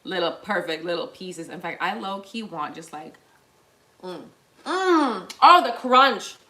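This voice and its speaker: Bright, playful woman cooking live. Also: lowish voice, lively intonation, a little slow. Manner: chatty and playful, addresses viewers as y'all; bursts into improvised little songs. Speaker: cooking show host. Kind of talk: live cooking demonstration, casual. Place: kitchen.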